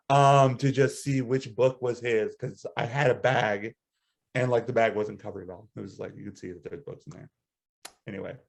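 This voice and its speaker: A man on a casual podcast, telling a story with plenty of energy. He swings up into high-pitched laughter as he goes, and his voice sits at a middle pitch. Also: vocal fry. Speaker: podcast co-host.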